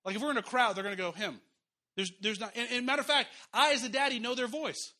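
A man with a high, bright voice preaches a sermon in a church. He talks to the congregation conversationally, chuckling now and then and repeating his key phrases. His tone has a forceful, sharp edge. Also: steady tone, racing. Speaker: pastor.

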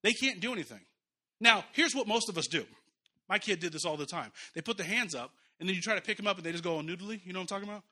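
Bright high-voiced male preacher. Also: animated, very fast. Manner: conversational preaching with chuckles and repeated phrases. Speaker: pastor. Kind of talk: sermon. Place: church.

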